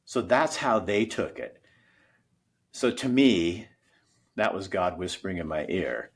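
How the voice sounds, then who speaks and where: A middle-aged man with a very low, husky voice tells a story as an interview guest. His pitch moves in lively swings while he stays earnest and emotional. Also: a little slow, long pauses. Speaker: guest, former news anchor. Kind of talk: storytelling in a conversation.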